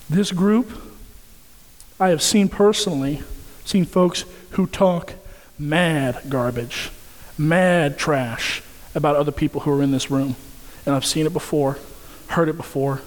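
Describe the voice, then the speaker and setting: A man's voice: on the high side, darkish tone, in a large hall, rough recording. A man preaching a sermon in an earnest, direct way, often repeating phrases for emphasis. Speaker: pastor.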